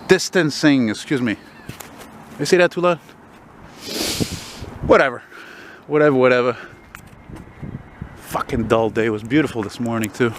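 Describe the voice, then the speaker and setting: A man's voice: mid-range voice, moderate pace, pauses often, background noise. A man rambling and swearing as he films a walking vlog on a city street with a handheld camera. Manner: rambling, profane, wry asides. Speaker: vlogger.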